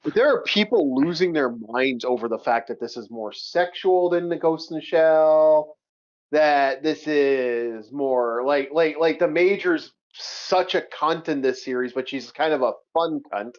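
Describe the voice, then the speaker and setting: A man co-hosting a casual chat, talking excitably in long rambling runs with lots of restarts and swearing. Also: fairly high pitch, a little slow. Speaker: podcast co-host. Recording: muffled lo-fi audio.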